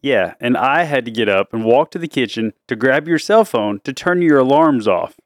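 A middle-aged man hosting a casual family podcast, playful, teasing and quick to laugh. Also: mid-range voice, lively intonation, no echo, clean studio sound. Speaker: podcast host and father.

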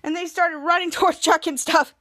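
Very high-voiced woman recapping chattily. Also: fairly even intonation, a little fast, fairly bright tone. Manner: rambling, chatty, self-correcting. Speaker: podcast host. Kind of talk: casual episode recap.

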